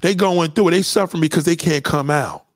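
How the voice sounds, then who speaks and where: A man's voice: a little high, brisk, dry recording, clean studio sound. A man delivering a blunt, heated, profane rant to his followers, repeating his points. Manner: blunt, heated, repetitive, swearing. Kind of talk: profane ranting monologue to followers.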